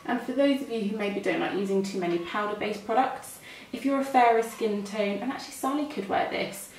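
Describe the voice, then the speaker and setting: A woman's voice: medium pitch, brisk, darkish tone, a little hiss or hum. A woman with a British accent, a makeup artist chatting through each step as she works. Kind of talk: makeup demonstration. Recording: echoey room, mic a bit far.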